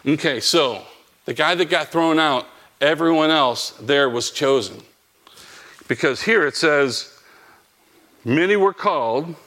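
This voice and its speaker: Middle-aged male preacher, mid-pitched, relaxed storytelling delivery with repeats and restarts. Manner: conversational storytelling with repeated phrases. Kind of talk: sermon.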